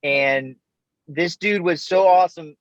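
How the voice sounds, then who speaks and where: Male guest, high-pitched, casual storyteller who laughs easily; dull, dead-dry remote recording. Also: a little slow, no room sound. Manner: easygoing and chatty, laughs often, says man and bro. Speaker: interview guest, Army veteran.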